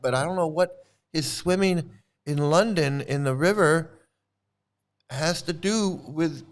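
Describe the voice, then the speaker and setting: A man delivering a rambling, sarcastic commentary rant as an online commentator. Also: medium pitch.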